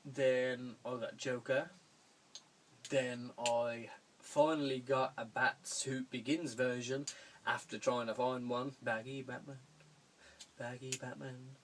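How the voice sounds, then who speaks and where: A man's voice: medium pitch, little pitch movement, slow pace, fairly bright tone, slight background noise. A young man chatting through viewer questions in a rambling way, chuckling often and swearing casually. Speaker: vlogger answering viewer questions. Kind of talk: casual Q&A video. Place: room at home.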